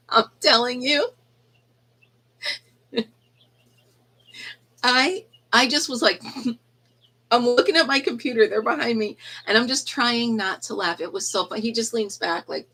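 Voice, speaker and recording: A woman's fairly high, sharp voice moves slowly with frequent pauses as she chats on a phone livestream from an indoor yarn room. She laughs often, coos at the cheeping baby chicks, and tells an anecdote about missing school, all on low-quality audio.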